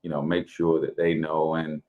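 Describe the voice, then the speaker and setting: A man's voice: extremely low pitch, monotone, moderate pace, narrow, tinny audio. A man from St. Louis with a local accent, talking in a casual podcast, reflective and hesitant, with many fillers and restarts.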